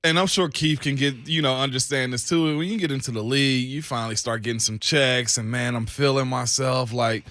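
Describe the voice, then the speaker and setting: Bright animated man telling stories. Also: medium pitch, fairly quick, few pauses, no echo, studio quality. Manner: animated storyteller, laughs often. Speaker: sports radio co-host, former pro athlete. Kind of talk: casual radio chat. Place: radio studio.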